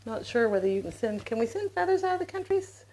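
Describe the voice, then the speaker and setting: A woman's voice: fairly high pitch, big pitch swings, fast, mellow. A woman host with a Southern US accent, chatting in a folksy, rambling way from her home. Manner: folksy, chatty, wandering from topic to topic. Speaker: show host. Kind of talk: casual rambling monologue. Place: home during lockdown.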